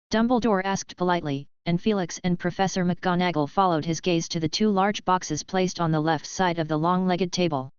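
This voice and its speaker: A woman narrating an audiobook in a steady, even reading style. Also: on the low side, smooth, no room sound, muffled recording.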